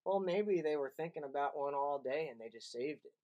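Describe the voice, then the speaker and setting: A male host in easygoing comedic banter, with a voice pitched a touch higher than most men. He reads a listener's letter aloud and cracks dry jokes along the way. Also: animated, brisk, warm tone, highs cut off.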